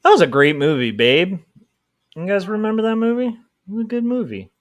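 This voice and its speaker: A man's voice: high voice, lively intonation, fairly quick. A young man chatting casually and rambling with lots of fillers while he draws on a livestream. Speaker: livestreaming comic artist.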